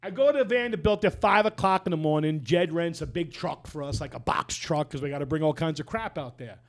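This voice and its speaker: A man with a New York accent, a chef hosting a podcast, telling a story in a lively way and acting out quotes. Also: a little high, fairly quick. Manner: animated storyteller, acts out quotes loudly. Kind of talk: casual storytelling chat.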